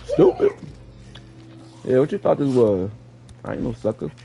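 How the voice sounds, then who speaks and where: A man giving live gameplay commentary, playfully trash-talking enemies and repeating excited catchphrases. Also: medium pitch, a little fast, creaky, dull audio, music in the background. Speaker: gaming streamer.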